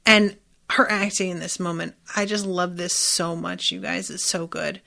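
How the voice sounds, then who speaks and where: Woman podcaster chatting about a tv episode, bright sharp voice, candid and emphatic, lots of um and like. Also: on the low side, little pitch movement, moderate pace, gravelly. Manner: candid and emphatic, with frequent fillers and some swearing. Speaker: podcast host. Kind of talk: casual TV episode recap.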